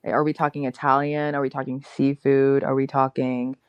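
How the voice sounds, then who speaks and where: A young woman as a guest in a casual interview, upbeat and chatty and quick to laugh at herself. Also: rumbling low, little pitch movement, clean tone, dry recording, dull audio.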